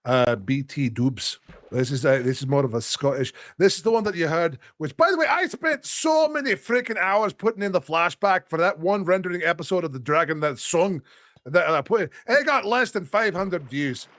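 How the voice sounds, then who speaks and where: Animated chatty man with a dry close mic. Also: on the high side, normal speed, dry recording. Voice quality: smoker's voice. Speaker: guest. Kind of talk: casual podcast chat.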